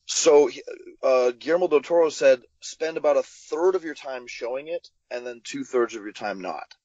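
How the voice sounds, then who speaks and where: A man talks through his filmmaking choices in a podcast interview, full of fillers and quick restarts. The sound is dry and close, a little dull and lo-fi. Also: mid-range voice, no room sound. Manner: animated storyteller, many fillers and restarts. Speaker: film director guest.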